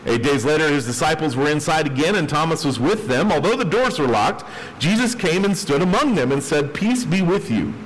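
A man, a pastor, preaching a sermon with emphatic delivery, dropping his voice low on key words. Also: expressive, fairly quick, big-room sound, poor audio.

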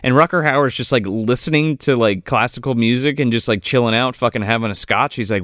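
A man's voice: medium pitch, fairly quick, hardly any pauses, fairly bright tone, no room sound, clean studio sound. A man co-hosting a casual podcast, recapping a film with lots of swearing and acted-out lines. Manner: profane, recaps scenes by acting out characters. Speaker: podcast co-host. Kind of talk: casual chat reviewing a film.

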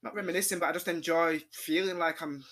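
Young man, podcast guest, fast, bright and emotional, swears casually. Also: a little high. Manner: emotional, swearing, quick and animated.

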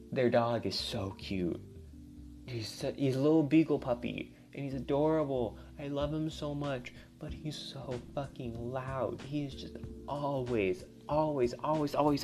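A young man, a college student, venting in a rambling, casual monologue, swearing often and getting louder as he gets worked up. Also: mid-range voice, unhurried, soft background music. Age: young adult. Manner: rambling, swears a lot, voice climbs when riled up.

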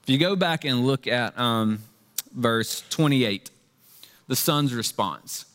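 A male pastor preaching a sermon in a conversational, animated way, with playful slang asides. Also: medium pitch, slow, big-room sound.

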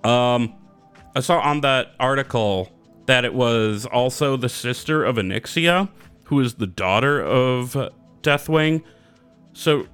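A man's voice: medium pitch, pushed and bright, clear, resonant tone. A man co-hosting a casual gaming podcast, rambling, swearing freely and wandering off on tangents. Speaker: podcast co-host.

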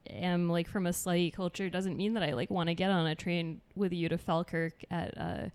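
Low-voiced woman in her twenties, halting chat. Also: fairly even intonation, a little mellow, smooth. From United States. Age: 20s. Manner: halting, full of fillers and restarts, dry jokes. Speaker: guest comedian. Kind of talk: casual podcast chat.

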